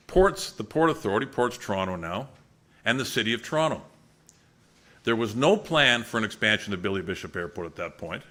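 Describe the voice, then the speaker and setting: A man's voice: on the low side, pushed and bright. A middle-aged man, a member of parliament, speaking at a town hall in an earnest, emphatic way with frequent restarts. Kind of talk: public town hall speech.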